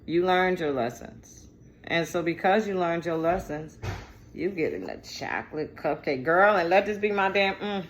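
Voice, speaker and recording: A woman's voice: lowish voice, animated, normal speed, slight background noise. A woman giving a casual tarot reading, chatty and digressive, with slang and profanity. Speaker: tarot reader.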